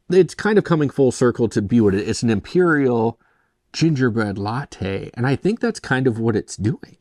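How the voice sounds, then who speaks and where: Laid-back low-voiced man reviewing beer. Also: a little mellow, dry recording, clean studio sound. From Michigan, USA. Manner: rambling, self-deprecating, lots of "like" and "kind of". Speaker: beer reviewer, show host. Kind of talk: casual solo beer review.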